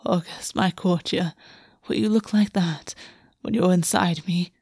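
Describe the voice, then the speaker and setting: A woman voicing a formal, proud male fae king who speaks slowly in a breathy hush. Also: on the low side, fairly even intonation, dry recording, studio quality. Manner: formal, slow, breathy and hushed.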